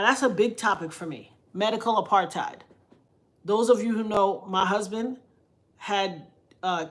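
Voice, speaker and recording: A woman hosting a livestream, telling a story in a preachy, animated way that swings from loud emphasis to soft asides. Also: medium pitch. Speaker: livestream host reading viewer comments. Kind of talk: casual storytelling monologue.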